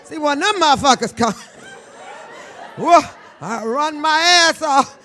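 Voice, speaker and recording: A brash woman in her sixties holds court on a live stage, her voice pitched very high and cutting bright. She talks to the room like a stand-up act, profane and loud one moment, hushed nearly to a whisper the next. A faint audience murmur sits underneath. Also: animated, slow, a faint crowd. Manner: loud, swinging from shouts to hushed near-whispers. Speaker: author guest at a live book event. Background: faint audience murmur and laughter.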